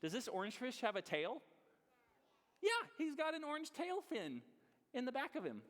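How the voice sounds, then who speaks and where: A man's voice: very high-pitched, moderate pace. Playful man reading to kids in an echoey hall. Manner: animated, playful, asks children questions. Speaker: children's librarian. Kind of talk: reading a picture book aloud to children. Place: library story room. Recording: long reverb in a large room.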